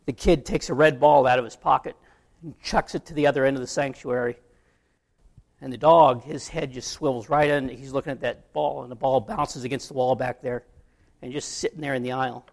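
A man's voice: mid-range voice, fairly even intonation, brisk, vocal fry. A man preaching a sermon, telling an illustration story in a conversational way. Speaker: pastor.

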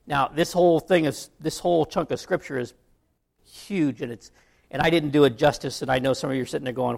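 A man's voice: on the high side, brisk, gravelly, a little mellow. A man preaching a sermon, telling an illustration story in a conversational way. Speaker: pastor.

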